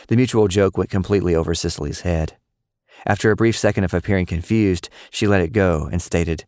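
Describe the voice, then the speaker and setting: A man narrates a story at a steady, even pace. His voice is low and smooth, and the recording is close and dry with no room sound. The delivery is plain storytelling. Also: brisk, no room sound. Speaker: audiobook narrator. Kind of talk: scripted narration.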